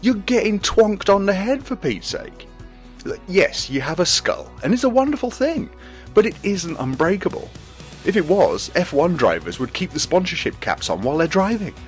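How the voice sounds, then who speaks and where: A man's voice: high-pitched, big pitch swings, moderate pace, faint music behind. A man delivering an exasperated, sardonic scripted rant as a podcast presenter. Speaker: segment presenter.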